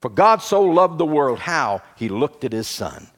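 Male preacher, high-pitched and highly animated delivery, fervent sermon cadence with sudden hushed drops. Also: unhurried. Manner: preaching with rising emphatic bursts and quiet drops.

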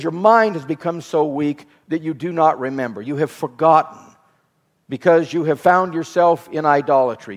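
A man preaching a sermon with an emphatic, repetitive cadence. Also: on the high side. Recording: reverberant hall.

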